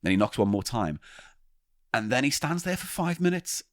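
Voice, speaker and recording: Animated English podcast co-host. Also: male voice, medium pitch, moderate pace, dry recording, clean studio sound. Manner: animated storyteller, swears freely. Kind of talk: casual comedic chat.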